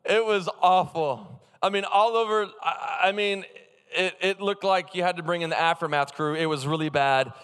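A man's voice: high-pitched, moderate pace, clear, resonant tone. A man preaching a sermon, telling humorous stories and calling out to his congregation. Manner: humorous, animated, calls out to the congregation. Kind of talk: sermon with personal storytelling. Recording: long hall reverb.

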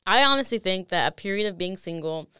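A woman's voice: mid-range voice, animated, fast talker, sharp tone, clean tone, dry recording, clean studio sound. A young woman co-hosting a podcast, chatting frankly and swearing freely, with many "like"s. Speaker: podcast co-host. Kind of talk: casual chat.

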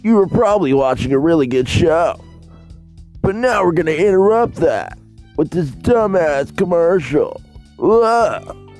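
A man putting on a crude parody ad announcer with a high, swooping voice that lingers over each slow phrase. He lays on the sarcasm and goes over the top, with faint guitar plucking behind him. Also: a little mellow. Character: mock TV commercial announcer, brash and crude.

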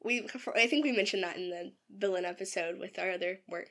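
A woman's voice: mid-range voice, a little fast, fairly bright tone. A young woman in a casual podcast chat about her own novel, talking with many fillers and laughs. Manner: chatty, giggly, filler-heavy. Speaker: podcast co-host and writer.

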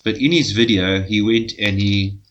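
A man's voice: lowish voice, fairly even intonation, normal speed, a bit bright, muffled recording, a little hiss or hum. A man co-hosting a casual podcast, speaking bluntly and swearing freely. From South Africa. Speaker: podcast co-host, blacksmith.

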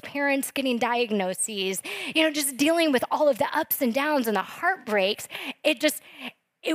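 A woman delivers a loose, conversational sermon in a voice pitched a little high for a woman. She tells stories packed with fillers and chatty asides to the congregation. The sound is dry and close, with little room echo.

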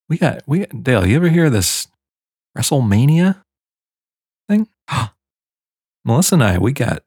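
A man's voice: slightly rough, dry recording, studio quality. A man co-hosting a podcast in casual chat, talking animatedly over a video call. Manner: animated, jumps pitch when excited. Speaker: podcast co-host.

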